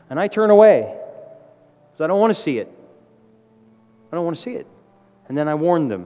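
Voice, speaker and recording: A middle-aged man preaching a sermon with emphatic delivery, his voice rising to loud exclamations. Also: on the high side, sing-song, measured pace, pauses often. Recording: long hall reverb.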